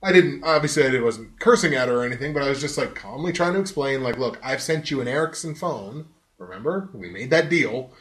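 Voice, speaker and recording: A man hosting a casual podcast, telling a story in a lively, profane way and laughing often. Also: medium pitch, brisk, roomy sound. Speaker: podcast host.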